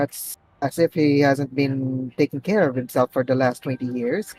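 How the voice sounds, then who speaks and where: A man's voice: moderate pace, poor audio. A man playing in a tabletop game, chatting casually and playfully about his character's plans. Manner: playful, jumps high when excited. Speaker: player.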